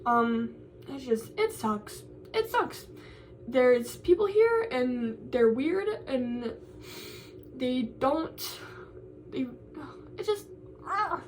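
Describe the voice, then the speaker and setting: A young college woman vents to the camera, tearful and frustrated, circling back over the same complaints. Her voice sits very high. She sounds a little distant from the mic, with faint noise behind her. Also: lively intonation, drawn-out words, long pauses. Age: young adult. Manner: frustrated, rambling, repeats herself. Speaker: college student vlogger. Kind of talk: venting to camera.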